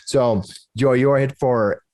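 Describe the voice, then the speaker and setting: A man's voice: mid-range voice, fairly even intonation, measured pace, darkish tone. A man acting as dungeon master for a tabletop game, narrating the monsters' actions with relish.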